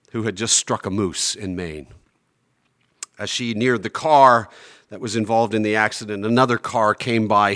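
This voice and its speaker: A man preaching a sermon as pastor, stressing key phrases slowly and swinging between loud declarations and quiet asides. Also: fairly low pitch. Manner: emphatic, slows down on key phrases.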